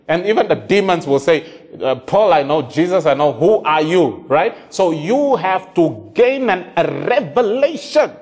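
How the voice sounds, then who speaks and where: Man, preacher, animated sermon, acts out voices, higher voice, reverberant hall. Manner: animated, acts out prayers and dialogue in changing voices.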